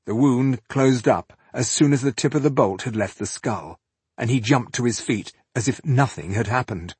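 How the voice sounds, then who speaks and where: A man reading a fantasy novel aloud as an audiobook narrator, in a measured, dramatic storytelling manner. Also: medium pitch, darkish tone, slightly rough, no room sound.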